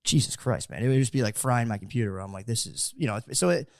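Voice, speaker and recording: A man's voice: medium pitch, lively intonation, quick pace, creaky, no room sound, clean studio sound. A man co-hosting a podcast in casual chat, rambling with many fillers and restarts. He says he grew up in a suburb in the United States. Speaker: podcast co-host.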